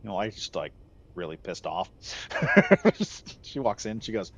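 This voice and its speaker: A man's voice: on the low side, huge pitch swings, unhurried. A middle-aged man telling a casual, rambling story as a gaming channel host. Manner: rambling, self-correcting, laughs at own jokes. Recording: slightly muffled with faint background noise.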